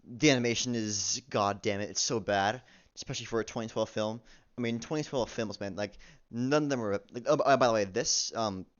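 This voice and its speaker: Rambling, swearing man with a low voice. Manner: rambling, halting, full of restarts and swearing. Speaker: amateur movie reviewer. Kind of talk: casual profane movie review rant. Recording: dull lo-fi recording.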